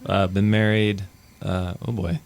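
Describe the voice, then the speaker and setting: Low, gravelly-voiced man hosting a podcast. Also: flat delivery, measured pace. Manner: joking, laughs often. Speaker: podcast host. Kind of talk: casual podcast chat.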